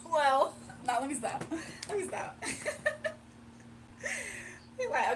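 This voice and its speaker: Young woman, livestream host, high voice, teasing and giggly, slightly off-mic. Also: sing-song, slow pace, pauses often, recorded from a distance, a little hiss or hum. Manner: playful, teasing, laughs often, mimics commenters in a deep voice. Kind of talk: casual livestream chat, reading comments.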